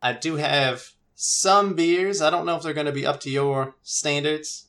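A woman's voice: low voice, a little slow, fairly bright tone. A woman voicing a motherly hostess character who drawls and calls everyone sugar. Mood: hospitable.

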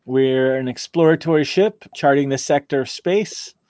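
A man's voice: mid-range voice, normal speed, a little mellow, dry recording, close to an everyday voice. Brief: easygoing male ship diplomat, plain friendly voice, dry room, played by a man. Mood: breezy. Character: male starship envoy, polite and breezy. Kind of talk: tabletop role-play.

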